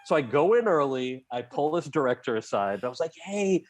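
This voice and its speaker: A man in his forties telling an animated anecdote as a guest, laughing and acting out the people in it. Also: medium pitch, fast. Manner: animated, laughing, acts out quoted voices. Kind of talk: storytelling anecdote.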